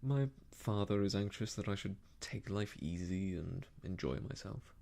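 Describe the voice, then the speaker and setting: A man voicing an idle, uneasy young gentleman in a whispered role-play, hesitant and sheepish. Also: low voice, expressive, a little slow, gravelly, pitched below the performer's own voice, full character voice.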